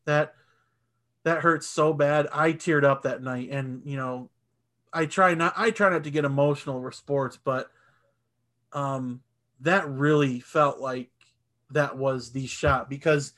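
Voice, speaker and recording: A man in his thirties co-hosting a casual sports podcast, animated and swearing, and he gets loud when excited. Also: mid-range voice, unhurried. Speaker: podcast co-host.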